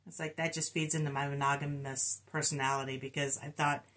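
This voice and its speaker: Low-voiced chatty woman stitcher. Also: flat delivery, a little fast, a bit bright. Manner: chatty, reports stitch counts, self-deprecating. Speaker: co-host of a cross-stitch channel. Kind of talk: casual chat.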